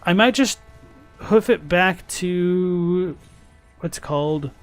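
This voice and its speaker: Faint music plays behind this gaming streamer, whose voice is high and slow. He casually discusses the game's lore and thinks out loud while playing.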